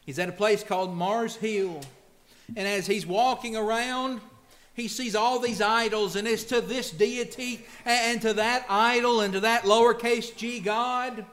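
Male preacher with a high voice, lively and dramatic in the pulpit. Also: measured pace. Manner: animated, acts out pleading voices and quotes scripture. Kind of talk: sermon.

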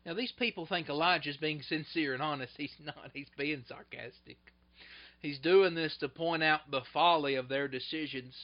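A male preacher giving a sermon, retelling scripture in an animated way that swings between loud bursts and hushed asides. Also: a little high, moderate pace. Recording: dull lo-fi recording.

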